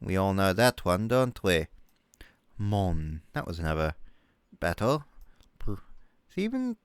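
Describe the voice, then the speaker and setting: A man rants in mock outrage, swearing freely. His voice is smooth and clear, recorded close and dry, and he talks slowly with lively swings in pitch. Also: no echo. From New Zealand. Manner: mocking, exasperated, swears a lot. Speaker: comedic youtuber. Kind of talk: comedic rant over a map.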